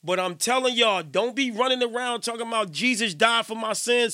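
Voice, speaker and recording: A middle-aged man hosts a radio show from a station studio, delivering a casual, preachy monologue that swings between loud emphasis and quiet moments, repeating himself along the way. His voice is extremely high and fairly quick, captured in studio quality with no echo.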